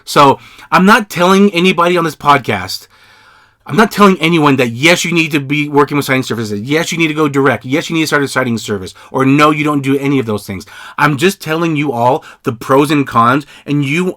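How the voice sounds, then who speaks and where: A man hosting a podcast, giving casual advice in an energetic, conversational way, often repeating himself. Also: a little high. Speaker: podcast host. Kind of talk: casual solo podcast talk.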